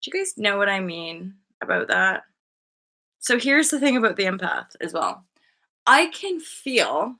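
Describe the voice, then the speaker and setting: A woman's voice: medium pitch, big pitch swings, measured pace, bright, forceful tone. A woman in her thirties hosting a casual live-stream chat, bubbly and laughing often, swearing freely and acting out voices as she tells stories. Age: 30s. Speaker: host.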